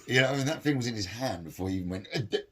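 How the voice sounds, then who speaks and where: A man's voice: mid-range voice, animated, rapid-fire, a bit bright, slightly rough. A man, telling work stories in casual chat and acting out both sides of arguments. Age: 40s. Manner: swears a lot, acts out both sides of arguments. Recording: noisy background.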